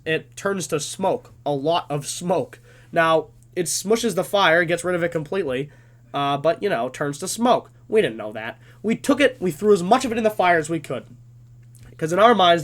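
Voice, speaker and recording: A man in his twenties telling a comedic story in an animated, self-deprecating way. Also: on the high side.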